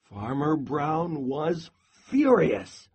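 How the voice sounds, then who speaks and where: A man reading a children's picture book aloud as a lesson in an expressive, sing-song way, stopping for comprehension questions. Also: fairly high pitch, extremely slow, breathy edge.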